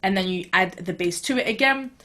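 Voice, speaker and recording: A woman's voice: medium pitch, fairly quick, very noisy. A woman teaching beatboxing in an online video lesson, talking casually with fillers in a reassuring, encouraging way.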